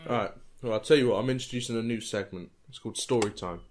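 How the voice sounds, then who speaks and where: A young man co-hosting a podcast in animated, sweary banter, introducing segments. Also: fairly low pitch, fast talker, noisy background. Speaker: podcast co-host. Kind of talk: casual banter.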